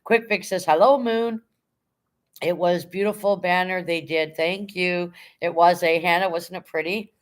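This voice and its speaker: A woman's voice: fairly low pitch, steady tone, measured pace. Chatty woman reading her stream chat. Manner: chatty, reads viewer comments aloud and thanks them. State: emotional, near tears when talking about her late dog. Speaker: livestream host reading chat. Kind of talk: casual livestream chat.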